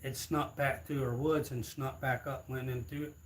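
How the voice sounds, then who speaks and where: A man's voice: medium pitch, level tone, normal speed, slight background noise, low-quality recording. A man telling a story to his viewers in a rambling, loose retelling on a livestream. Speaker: streamer. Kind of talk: casual storytelling.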